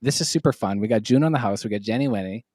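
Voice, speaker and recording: Fast-talking energetic male stream host. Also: on the low side, heavy background noise. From Canada. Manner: energetic hype banter, sing-song outro. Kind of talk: live stream chat.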